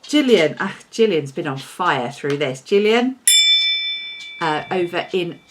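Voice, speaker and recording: A woman's voice: deep voice, moderate pace, heavy background noise. A woman hosting a podcast, chatting casually and cheerfully to camera as she congratulates listeners. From England. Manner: chatty and upbeat, scolding her dog between shout-outs. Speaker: podcast host.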